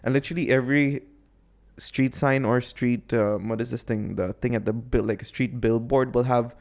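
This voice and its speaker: A man's voice: mid-range voice, steady tone, normal speed, creaky, darkish tone. A man co-hosting a podcast, telling a story in a rambling, jokey way and correcting himself as he goes. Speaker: podcast co-host. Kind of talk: casual chat, storytelling.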